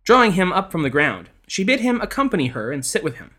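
A man reading an old ghost story aloud in a measured, expressive storytelling style. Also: sits high. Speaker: podcast narrator. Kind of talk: scripted storytelling narration.

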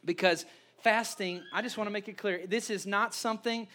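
A man, a pastor preaching a sermon, telling stories with lively restarts and repeated words. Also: sits high. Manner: animated storytelling with quick restarts.

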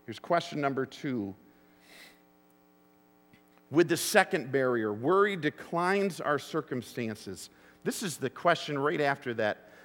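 A man's voice: mid-range voice, lively intonation, slow, pauses often, a bit bright. A man preaching a sermon to his congregation. He tells stories and keeps asking the room rhetorical questions. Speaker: pastor. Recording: long hall reverb.

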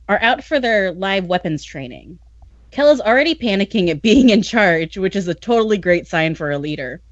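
A woman's voice: medium pitch, no room sound, muffled recording. Sarcastic chatty woman podcast host. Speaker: podcast host recapping a novel. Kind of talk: casual chat.

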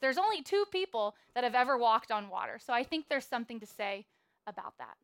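A woman preaching a sermon in a church, telling a Bible story in a lively, playful way. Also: fairly high pitch, fast talker, clean tone.

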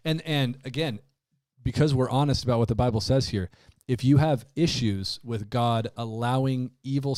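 A man in a casual Bible discussion, a lively storyteller who acts out the lines he quotes. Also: mid-range voice, no echo, studio quality.

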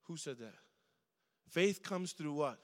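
A middle-aged man delivers a sermon in a casual, conversational way, often pausing to call on the young crowd for a response. His voice sits high for a man. It rings with the long reverb of a large church hall. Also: animated. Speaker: guest preacher at a youth service.

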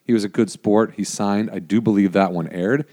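A man's voice: fairly low pitch, steady tone, normal speed, warm tone. A man, a former producer, telling rambling behind-the-scenes stories in a casual chat, full of "like" and swearing. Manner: rambling, many "like" fillers, frequent swearing. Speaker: guest, former prank show producer.

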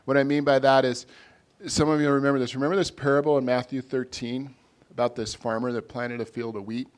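A man, a pastor, preaching a sermon in a conversational way, his loudness rising and falling as he makes his points. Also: mid-range voice, little pitch movement, fairly quick.

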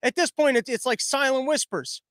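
High-pitched guy ranting sarcastic about politics, dry sound. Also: a bit bright, no room sound. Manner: sarcastic, mocking, fast-talking. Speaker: political commentator. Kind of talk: casual political commentary.

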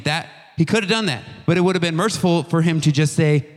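A young man preaches to a youth group in a chatty, animated way, full of slang and quick restarts. His voice sits a little high for a man. The sound rings with a long reverb, as in a church hall. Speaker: youth pastor. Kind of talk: casual youth sermon.

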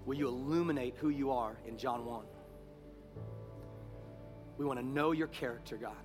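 A man preaching a sermon as pastor, moving between loud emphatic declarations and hushed, whispered prayer. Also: mid-range voice, normal speed, over music.

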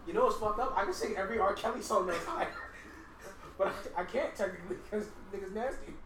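A woman co-hosting a casual chat, loud and joking, laughing often. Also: mid-range voice, brisk. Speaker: podcast co-host. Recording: roomy, distant, noisy room mic.

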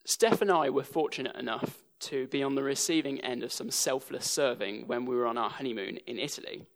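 A man's voice: medium pitch, a little fast, vocal fry. A young English man preaching a sermon, telling stories with a dry sense of humour. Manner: dry humour woven into storytelling.

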